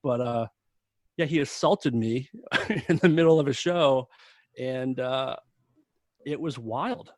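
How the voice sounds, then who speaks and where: A man's voice: mid-range voice, takes it slowly, long pauses, no echo. Man telling a story with a dry sound. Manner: animated storyteller, laughs often. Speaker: podcast guest, former tour crew member. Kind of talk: casual storytelling interview.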